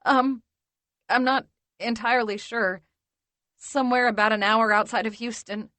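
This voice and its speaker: A woman's voice: on the high side, steady tone, sharp tone, no room sound. A woman playing a tearful, wobbly-voiced young woman. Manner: wobbly, halting speech between sobs. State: crying.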